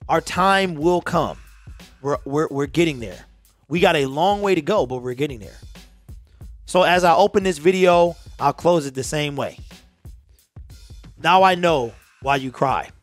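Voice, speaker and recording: A man's voice: fairly high pitch, dry recording, clean studio sound. A man in his forties hosting his own sports channel, giving impassioned fan commentary straight to his viewers in a loose, conversational way. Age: 40s. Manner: impassioned, conversational, repeats himself. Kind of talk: casual fan commentary to camera.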